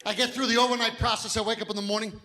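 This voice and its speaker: 50s guy doing big loud stand-up bits, forceful tone, long hall echo. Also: very high-pitched, rapid-fire. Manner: big animated storytelling, drops to quiet voices for quoted doctor. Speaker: stand-up comedian. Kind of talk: stand-up comedy set. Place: comedy stage. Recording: live hall with audience laughter.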